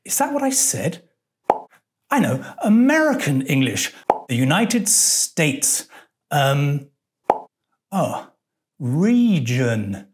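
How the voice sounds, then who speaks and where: Slow, lively woman presenting a lesson. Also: low-pitched, noisy background. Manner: playful, hesitant with fillers and puzzled asides. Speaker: teacher presenting an English lesson. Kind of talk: scripted educational presentation.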